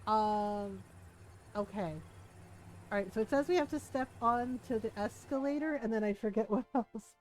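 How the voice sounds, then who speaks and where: A woman streamer chatting casually while playing a game, animated and swearing freely. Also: on the high side, normal speed, rough recording. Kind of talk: casual gameplay commentary.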